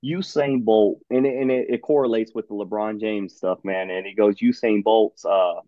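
An enthusiastic man hosts a casual podcast chat, tossing "man" into almost every thought. His voice sits fairly low. It comes through a dry, narrow, phone-like line. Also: fairly even intonation, moderate pace, no echo. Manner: enthusiastic, says "man" a lot. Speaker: podcast host. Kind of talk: casual conversation.

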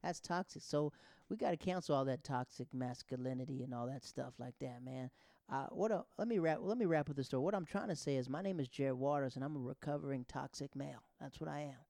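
Here a stand-up comedian in his thirties talks fast in a mid-range voice with vocal fry, recorded at studio quality without echo. His storytelling is lively and wandering, full of self-interruptions.

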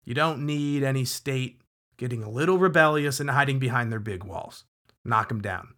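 A man narrating history for a podcast in a relaxed, talky manner. He leans on key words for emphasis and keeps turning to the listener with quick asides. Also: medium pitch. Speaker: podcast host.

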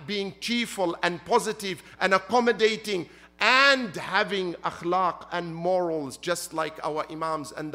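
A man's voice: fairly high pitch, bright, forceful tone. A man preaching a sermon as a sheikh, emphatic, repeating his points and asking rhetorical questions. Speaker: sheikh preaching at a Muharram gathering.

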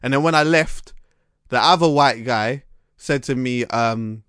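A man's voice: mid-range voice, unhurried, clear, resonant tone, no room sound, clean studio sound. A man, hosting a podcast and telling stories casually, full of slang and restarts. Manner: animated storyteller, London slang, lots of restarts. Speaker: podcast host. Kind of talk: casual chat.

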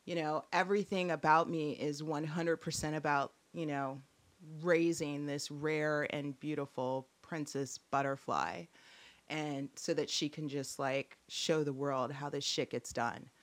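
A woman's voice: deep voice, a little slow. A woman chatting as a podcast guest, rambling and giggly, often laughing and joking. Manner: giggly, rambling, jokes freely. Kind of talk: casual chat.

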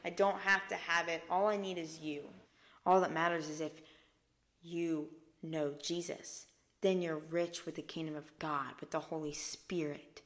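Young woman, podcast host, earnest faith teaching, emphatic, hushes for key points. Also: low-pitched, steady tone, a little slow. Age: young adult.

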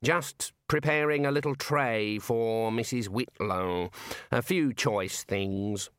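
A man voicing a fussy, smug old male wizard who drawls calmly. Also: mid-range voice, slow pace, clear, resonant tone, no room sound, clean studio sound.

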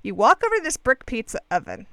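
Animated sarcastic woman telling a story. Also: fairly high pitch, fast talker, no echo, clean studio sound. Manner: sarcastic, animated, self-deprecating. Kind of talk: casual storytelling.

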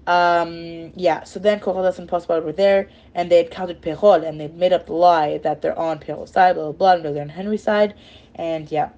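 A woman's voice: fairly low pitch, fairly even intonation, moderate pace, mellow, highs cut off. Rambling woman retelling a novel. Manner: rambling, with fillers and self-corrections. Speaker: storyteller.

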